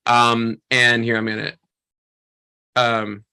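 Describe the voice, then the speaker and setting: A man in his thirties teaching a photography workshop, telling a story in a loose, animated way with lots of fillers. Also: medium pitch, slow pace, clear, resonant tone. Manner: animated, acts out quoted voices, many fillers. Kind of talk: casual storytelling to a workshop group.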